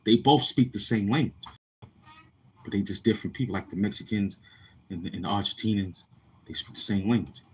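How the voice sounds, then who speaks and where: A man telling casual stories in a slangy, rambling way, often repeating himself and acting out other people in a higher voice. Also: a little fast, long pauses, a little hiss or hum. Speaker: YouTuber. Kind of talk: casual street-talk storytelling.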